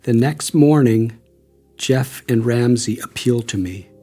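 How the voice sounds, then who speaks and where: Older American male author-narrator, unhurried, dark and calm, faint music bed. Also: medium pitch. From United States. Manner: calm, measured, reflective. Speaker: author narrating his memoir. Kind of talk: audiobook narration.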